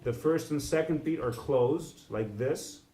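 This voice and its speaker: A man's voice: fairly high pitch, mellow. Man teaching in an echoey room. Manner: halting, many restarts, sings syllables to demonstrate. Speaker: music teacher. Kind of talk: live instrument lesson. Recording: echoey room with background noise.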